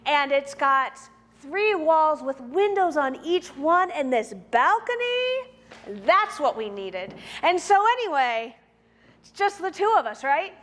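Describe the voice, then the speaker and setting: A woman's voice: high voice, a bit bright, full character voice. A woman playing a chatty newlywed wife, telling her story in a gushing, rambling way.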